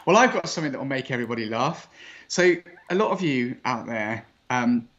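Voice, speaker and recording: A man's voice: mid-range voice, animated, brisk, a bit bright, muffled recording. A man hosting a casual chat, jovial and teasing, laughing often. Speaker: host.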